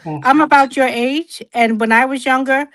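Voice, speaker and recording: A middle-aged woman with a New York accent, talking fast and restarting words as she argues her point in a casual debate. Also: sits high, fairly even intonation, a bit bright, low-quality recording.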